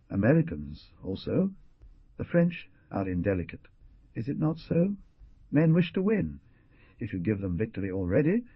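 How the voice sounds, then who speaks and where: A man's voice: fairly low pitch, husky, no room sound, muffled recording. A man voicing a stout, elderly, foreign-born hostess who fusses and scolds in formal phrasing, with a foreign accent.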